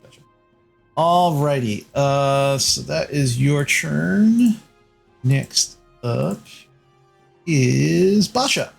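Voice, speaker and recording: Man running a tabletop game, fairly high. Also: lively intonation, very slow, vocal fry, pauses often, breathy edge, faint music behind. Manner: casual, loose narration with many fillers. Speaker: game master.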